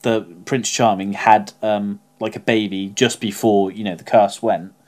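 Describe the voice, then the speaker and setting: A man's voice: lowish voice, steady tone, a little slow, a little mellow. A man co-hosting a podcast, chatting casually and hesitantly with many fillers. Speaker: podcast co-host. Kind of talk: casual chat.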